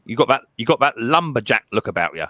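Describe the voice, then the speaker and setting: A man, hosting a casual livestream chat, chatty and quick to laugh, often repeating himself. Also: mid-range voice, big pitch swings, bright, forceful tone. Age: 30s. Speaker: livestream host.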